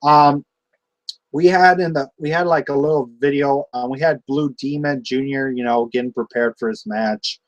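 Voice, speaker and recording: A young man talks through a wrestling show on his own, rambling and excitable, tripping over restarts and fillers. His voice sits at an ordinary middle pitch. The recording is dry and close. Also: moderate pace, no echo, low-quality recording. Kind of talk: casual solo review.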